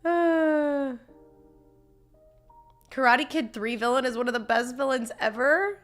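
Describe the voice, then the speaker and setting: A woman's voice: sits high, slow, fairly bright tone, faint music behind. A young woman chatting casually on a live stream, reading chat messages, laughing often and talking with lots of restarts. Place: home.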